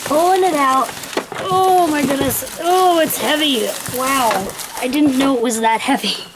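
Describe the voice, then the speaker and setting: A young woman with a slightly high voice gushes through an unboxing in her home filming corner. She talks in breathless bursts of excitement. Steady background noise runs under the recording. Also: a little slow. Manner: gushing, breathless exclamations. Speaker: toy collector vlogger.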